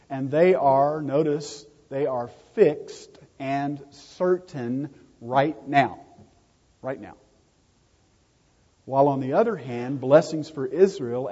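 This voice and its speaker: With a husky, mellow, mid-range voice, a man preaches a sermon and repeats key words emphatically to drive his points home. The audio is dull and lo-fi, with a long reverb trailing off the hall's walls.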